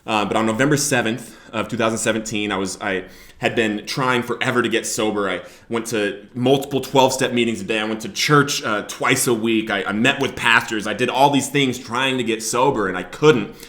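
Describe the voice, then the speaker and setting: A man's voice: on the low side, fairly quick, reverberant. Man telling his own recovery story. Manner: emotional, rising to loud shouting in places. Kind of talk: personal testimony to camera. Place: Billings, Montana area.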